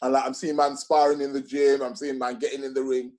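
A man's voice: mid-range voice, flat delivery, fast talker, darkish tone. A man, a guest telling a casual story, rambling with many fillers and restarts.

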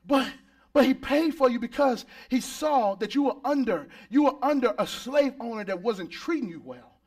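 High-voiced preaching pastor. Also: male voice, normal speed. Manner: lively preaching that builds to shouts; calls out to the congregation for response. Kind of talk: sermon. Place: church service.

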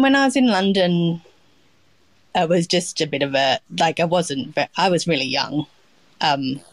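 Her voice sits low, and though there's no room sound, the audio is poor. She's a middle-aged Australian woman, a chef being interviewed as a guest, who talks in a loose, rambling way full of ums and restarts.

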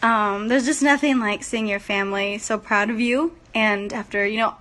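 A woman's voice: medium pitch, fairly even intonation, normal speed, sharp tone. A young woman from San Antonio chatting casually on a late-night phone livestream, gushing and laughing easily. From San Antonio, Texas. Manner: bubbly and gushing, laughs often. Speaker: singer talking to fans on a phone livestream. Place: her room at night. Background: music playing in the background.

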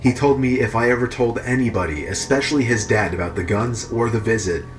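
A man reading true horror stories aloud in an even, measured narration. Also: mid-range voice, slight background noise. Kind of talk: scripted narration.

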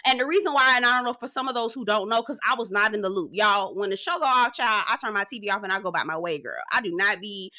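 Woman, bright and forceful voice, sassy profane reality-TV recapper. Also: medium pitch, fast, hardly any pauses. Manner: sassy, blunt and profane, addresses viewers as girl. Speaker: reality TV reviewer. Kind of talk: casual recap commentary.

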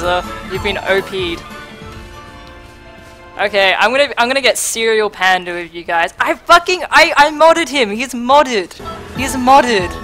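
A woman's voice: medium pitch, fairly bright tone, rough recording. A young Australian woman live-streaming, laughing a lot, overwhelmed and swearing freely while she chats. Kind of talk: casual live-stream chat.

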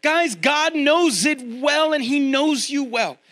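A middle-aged pastor with a very high-pitched voice preaches slowly in a conversational style, addressing his congregation directly. He's animated and acts out the voices of the people he quotes.

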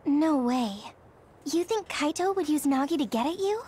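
A woman's voice: high-pitched, expressive, normal speed, darkish tone, a little hiss or hum. An actress voicing a concerned young woman teammate in a video game.

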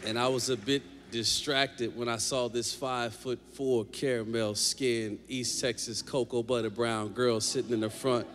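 A man preaching a lively sermon as pastor, joking with the congregation in a large church. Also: mid-range voice, a little slow, hardly any pauses, noisy background. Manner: animated preaching, jokes with the congregation. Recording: long hall reverb.

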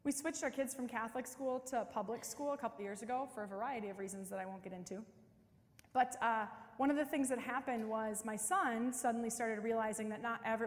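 A middle-aged woman giving a parish mission talk in a chatty, storytelling way with frequent casual fillers. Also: a little high. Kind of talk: conversational church talk. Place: church. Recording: long reverb of a large church.

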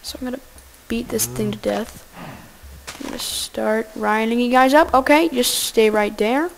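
Woman, gameplay commentator; goofy, excitable casual delivery with a raised pitch and gravelly edges. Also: normal speed, slight background noise. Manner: goofy, excitable, talks to game animals.

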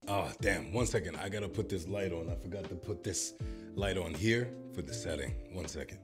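A man's voice: sits low, brisk, music in the background. A man filming a comedic reaction vlog, joking and swearing as he tries a language app. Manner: jokey, swears, bursts into mock announcer voice.

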